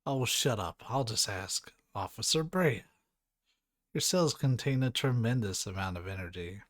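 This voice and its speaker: A man's voice: fairly low pitch, expressive, measured pace, fairly bright tone, no room sound, clean studio sound. A man reading the lines of an arrogant, hostile older scientist in a video game, speaking in a scornful, demanding manner. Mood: interrogating.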